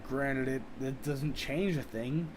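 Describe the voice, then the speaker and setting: A man from the United States talks casually to his stream chat, rambling and swearing freely. His voice sits in a middle pitch, with a faint hiss under it. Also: slow. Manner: rambling, profane, animated. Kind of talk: casual live-stream chat reading comments.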